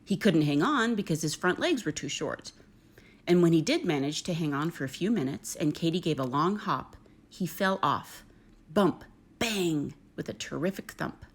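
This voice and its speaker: Expressive woman reading a children's story. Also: low-pitched, normal speed, breathy edge. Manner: gentle, expressive. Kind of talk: reading a children's picture book aloud.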